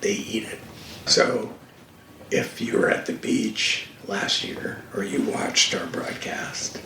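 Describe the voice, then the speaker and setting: With vocal fry in a lowish voice, an older racing TV commentator speaks slowly as a guest, telling emphatic, animated stories in a casual fireside chat. He's captured from a distance in an echoey room, with a faint hiss.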